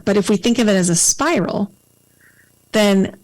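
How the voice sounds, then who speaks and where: A woman hosting a podcast interview, speaking in a calm, measured and reflective way. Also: mid-range voice, low-quality recording. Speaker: podcast host. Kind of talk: casual conversational interview.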